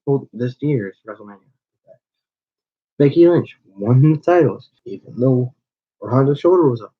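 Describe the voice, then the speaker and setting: A man's voice: medium pitch, lively intonation, unhurried, breathy edge. A man who owns a small wrestling channel, delivering a confrontational, rambling call-out to a rival with frequent restarts. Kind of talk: call-out video rant. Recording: dull lo-fi recording.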